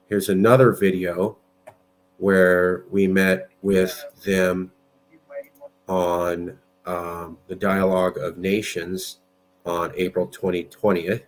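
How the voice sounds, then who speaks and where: Low-voiced man, combative political talker, blunt and argumentative. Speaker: political movement president. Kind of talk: political commentary with screen share.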